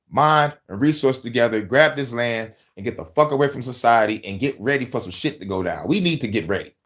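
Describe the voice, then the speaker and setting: A man hosting a podcast, delivering profane, animated conspiracy commentary and laughing often. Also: medium pitch. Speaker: podcast host.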